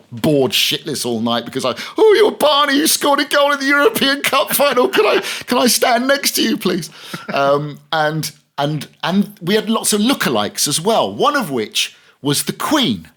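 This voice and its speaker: A man in a relaxed podcast chat, spinning long radio anecdotes with lots of restarts and asides. His pitch sits mid-range and he breaks into laughter at his own stories. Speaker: radio presenter guest. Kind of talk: casual podcast interview storytelling.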